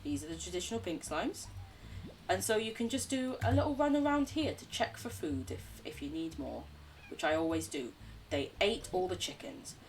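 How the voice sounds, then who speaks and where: A young woman streaming a game, chatting casually and warmly to her chat. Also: on the low side, very animated, normal speed, distant mic, slight background noise. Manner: chatty, bubbly, talks to chat. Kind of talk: casual gameplay commentary.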